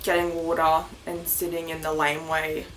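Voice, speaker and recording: A woman's voice: low voice, moderate pace, soft background music. Chatty young Australian woman vlogger. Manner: chatty and excitable, laughs often, swears casually. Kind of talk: casual chat.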